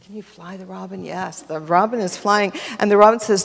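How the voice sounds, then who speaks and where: A woman telling an interactive children's story at a church service, animated and directing children as they hold up props. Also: mid-range voice, a little fast, vocal fry. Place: church sanctuary. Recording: echoey church hall.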